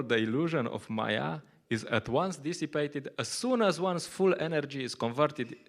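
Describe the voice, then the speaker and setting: Gravelly man giving a scripture class. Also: mid-range voice. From Slovenia. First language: Slovenian. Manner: conversational, laughs often, acts out little quotes. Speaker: lecturer at a temple.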